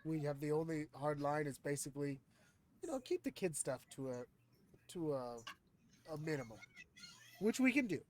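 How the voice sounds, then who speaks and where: A man's voice: fairly high pitch, animated, normal speed, long pauses, a little mellow. A man acting as game master in a casual session chat, laid-back and joking, swearing freely.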